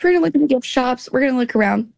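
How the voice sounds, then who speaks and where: A woman's voice: sits high, expressive, very fast, vocal fry, a little mellow, dry recording, studio quality. A woman from Louisiana, an interview guest in casual chat, upbeat and fond of saying y'all.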